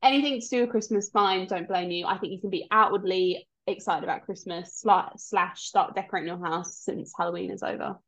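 A woman co-hosting a podcast in casual chat, teasing and quick to joke. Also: medium pitch. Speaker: podcast co-host.

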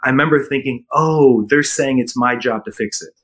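A middle-aged man, a parenting coach, telling stories in an earnest, animated way during a casual interview. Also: mid-range voice, normal speed. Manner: earnest storytelling with frequent laughs.

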